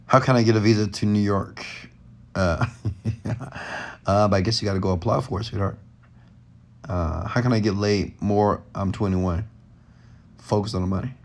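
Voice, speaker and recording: A man with a fairly low, darkish voice talks at normal speed but leaves long pauses. Hosting a late-night live Q&A from bed at home, this entrepreneur and mentor speaks loosely and off the cuff, with passion and frequent raised volume.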